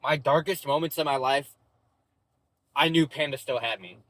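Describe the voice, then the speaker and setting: A man's voice: on the high side, normal speed, fairly bright tone, no echo. A young man vlogging from his parked car in a parking lot, chatting loosely and casually, full of "bro" and "like". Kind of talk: casual rambling vlog chat.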